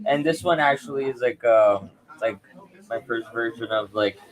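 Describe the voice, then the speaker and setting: A man's voice: medium pitch, normal speed, rough recording. A man presenting his own artwork to a live audience, hesitant and full of fillers. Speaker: visual artist presenting his work. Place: live art event before an audience. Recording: crowd chatter behind.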